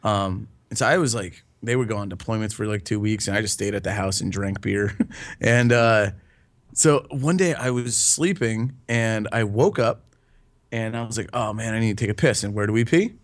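A man's voice: lowish voice, moderate pace. A young man casually telling a story with friends, swearing freely and breaking into laughter. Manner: loose, profane, laughs through his story.

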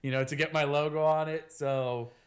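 A man's voice: a little high, fairly even intonation, normal speed. A young man co-hosting a podcast, talking in loose, joking banter. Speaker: podcast co-host. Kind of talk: casual chat.

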